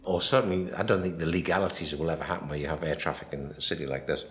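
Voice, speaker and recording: A man's voice: extremely low pitch, fairly even intonation, very fast, a bit bright, roomy sound. A man giving a film commentary, rambling and anecdotal, acting out quoted dialogue as he goes. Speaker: film director.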